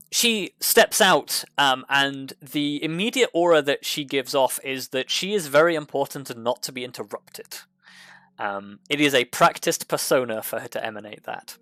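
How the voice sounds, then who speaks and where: A man narrating as game master of a tabletop game, halting and full of fillers. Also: mid-range voice, sharp tone, smooth, dry recording.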